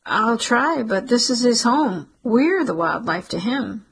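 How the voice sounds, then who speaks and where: A woman voicing calm, earnest Garrett. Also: fairly high pitch, takes it slowly, vocal fry, slight background noise, exaggerated voice, rough recording. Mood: even. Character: Garrett, awkward young man, calm and earnest.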